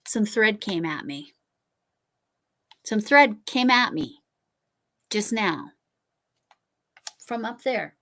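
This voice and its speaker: A woman's voice: medium pitch, expressive, slow, pauses often, bright, forceful tone. A middle-aged woman hosting a casual crochet livestream, rambling and apologetic as she answers viewer comments. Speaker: livestream host. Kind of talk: casual chat while crocheting.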